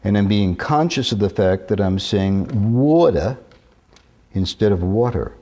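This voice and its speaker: A man in his sixties from New York, telling stories in an interview with measured, deliberate, careful diction. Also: lowish voice, a little mellow. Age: 60s. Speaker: interview guest. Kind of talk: reminiscing interview talk.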